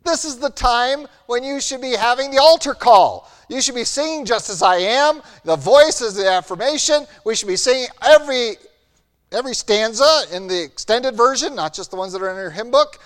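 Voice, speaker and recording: A man preaching a sermon as pastor, earnest and building to animated emphasis. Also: extremely high pitch, moderate pace. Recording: long hall reverb.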